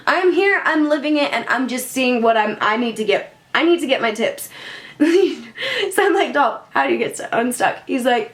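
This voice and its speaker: A young woman vlogger telling a casual storytime, animated and swearing, full of "like". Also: sits high. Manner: animated, swearing, lots of filler "like". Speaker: beauty vlogger.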